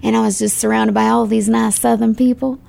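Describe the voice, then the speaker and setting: A woman actress talking about her work in an interview, chatty and expressive, laughing easily. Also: a little high, a little fast, vocal fry. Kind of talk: casual interview conversation.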